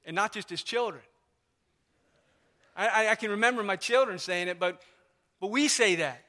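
A man's voice: high-pitched, moderate pace, pushed and bright. A man preaching a sermon as pastor in a church, in an emphatic, conversational way with lots of repetition. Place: church sanctuary. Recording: long reverb of a church hall.

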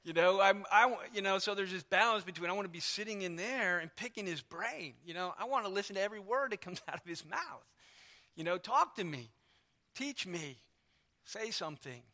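Male pastor, chatty sermon delivery, high voice with a bright edge, church setting. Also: expressive, a little fast. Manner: conversational, storytelling, lots of asides.

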